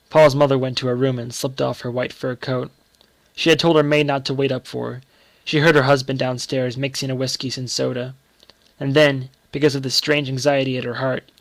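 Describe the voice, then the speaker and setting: A man reading a short story aloud in a measured, dramatic storytelling manner. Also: mid-range voice, vocal fry, no room sound. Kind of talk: scripted narration of a short story.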